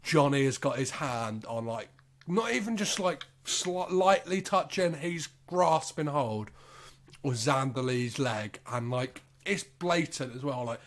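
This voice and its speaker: A man's voice: medium pitch, lively intonation, unhurried. A man co-hosting a podcast, chatting casually about a film in a rambling, filler-heavy way and acting out quotes. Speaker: podcast co-host. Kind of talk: casual chat reviewing a film.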